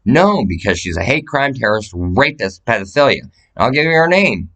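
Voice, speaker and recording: A man's voice: medium pitch, big pitch swings, normal speed, hardly any pauses, a bit bright, poor audio. Pleading, profane man ranting to camera. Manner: profane, urgent, pleading rant; rambling, jumps between topics. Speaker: vlogger. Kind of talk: rambling monologue to camera.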